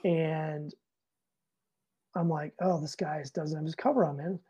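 Animated, swearing man telling a story. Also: a little high, a little slow, slightly rough. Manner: animated, profane, acts out both sides of dialogue. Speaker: podcast guest, Navy master chief. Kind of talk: casual anecdote in an interview.

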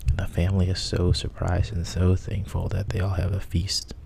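Deep, gravelly male storyteller. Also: completely flat delivery, moderate pace, dark tone, a little hiss or hum. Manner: conversational, plain, with small fillers. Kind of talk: casual retelling of a myth.

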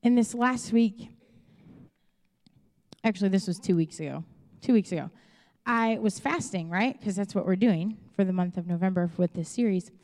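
A woman's voice: mid-range voice, normal speed, pauses often, a little mellow. A young woman pastor with a Chicago accent, preaching a sermon in a candid, conversational way and acting out her own asides. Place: church auditorium. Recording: long hall reverb.

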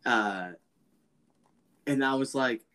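A man's voice: medium pitch, takes it slowly, bright, forceful tone. Chatty man on a film podcast. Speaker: podcast co-host. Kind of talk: casual film discussion.

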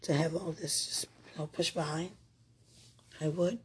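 A woman's voice: deep voice, fairly even intonation, moderate pace, slight background noise. A woman giving an emotional personal testimony, talking straight to her partner in a heartfelt, rambling way with prayerful asides.

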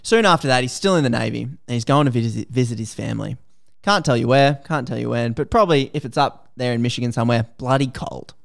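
An Australian man hosting a podcast, retelling a story in a casual, lively, slangy way. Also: mid-range voice, fast talker, gravelly. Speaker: podcast host.

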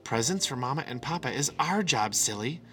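A matter-of-fact older boy cub from a storybook, voiced by a man reading aloud. He explains things with a knowing, slightly bossy air in a bright, lively tone. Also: medium pitch, brisk, faint music behind.

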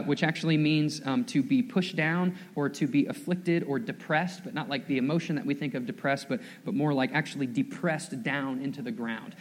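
Chatty pastor preaching in a big hall. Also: male voice, fairly high pitch. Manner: conversational, self-deprecating, repeats words. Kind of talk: sermon. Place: church sanctuary. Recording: long reverb of a large hall.

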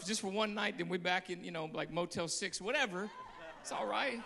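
A man, a guest pastor, preaching a sermon with passion, telling stories, repeating phrases and breaking into shouts. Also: high voice, fairly quick, gravelly, in a large hall.

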